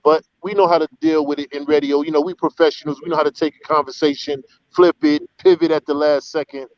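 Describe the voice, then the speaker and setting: A man's voice: a little high, fairly even intonation, fast. A man who works as a radio DJ, speaking earnestly and emphatically in a casual chat, on a slightly muffled line. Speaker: radio DJ guest.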